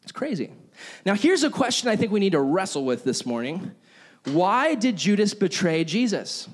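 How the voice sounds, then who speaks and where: High-voiced pastor telling stories animatedly. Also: male voice, moderate pace. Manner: animated storytelling, acts out characters. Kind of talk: sermon.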